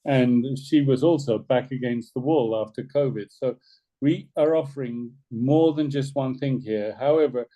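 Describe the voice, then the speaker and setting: On an orientation video call, a team leader speaks at medium pitch and normal speed in a mellow voice, the recording muffled. His talk is loose and persuasive, and he often repeats his words.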